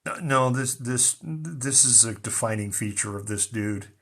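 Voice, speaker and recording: A man's voice: medium pitch, unhurried, fairly bright tone. A man hosting a live stream, talking casually with many ums and restarts, with a mostly neutral American accent that has a slight Boston tinge. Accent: General American with a slight Boston tinge. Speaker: news show host.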